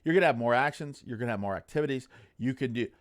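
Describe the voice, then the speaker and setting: A middle-aged man giving casual advice as a game master, rambling, repeating himself and tagging his points with a quick "okay?". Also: medium pitch, no echo, clean studio sound.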